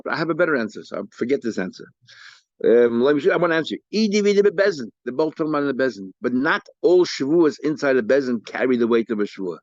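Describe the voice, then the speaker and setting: Animated man teaching Talmud, lo-fi. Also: mid-range voice, dry recording. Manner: animated, acts out the litigants' lines in quick bursts; mixes English with Hebrew and Aramaic study terms. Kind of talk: daf yomi Talmud lecture. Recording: dull, lo-fi dry recording.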